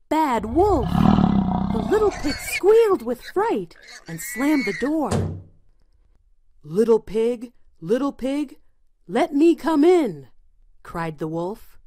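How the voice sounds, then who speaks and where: Woman storyteller, fairy tales for kids, unhurried, lively rising and falling pitch, dry close sound. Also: no echo. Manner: slow, expressive storybook reading. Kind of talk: reading fairy tales aloud to children.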